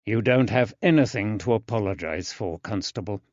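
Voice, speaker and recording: A male narrator voicing a composed, reassuring male investigator who speaks calmly and measuredly in an audiobook. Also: fairly low pitch, moderate pace, no room sound, dull audio, natural voice.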